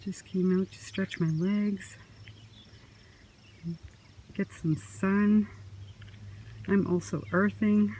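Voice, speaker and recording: A woman vlogging casually as she walks outdoors along a quiet country road, talking in a soft, musing way into a handheld phone. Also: medium pitch, fairly even intonation, a little hiss or hum, rough recording. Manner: slow, soft-spoken, musing. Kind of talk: casual walking vlog. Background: faint crickets and birds.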